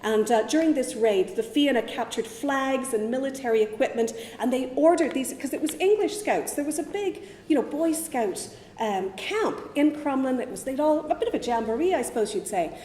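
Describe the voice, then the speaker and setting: A woman's voice: high-pitched, expressive, moderate pace, dark tone, echoey room, long reverb tail. A woman giving a chatty, digressive public history talk in a museum. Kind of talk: public lecture.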